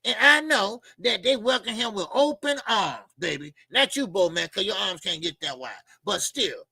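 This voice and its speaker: A man's voice: high voice, sharp tone, breathy edge, no room sound. A man hosting a boxing channel, ranting his opinions in a blunt, profane, mocking way, often repeating himself and using fillers. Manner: repeats phrases, with frequent fillers. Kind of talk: opinionated boxing commentary rant.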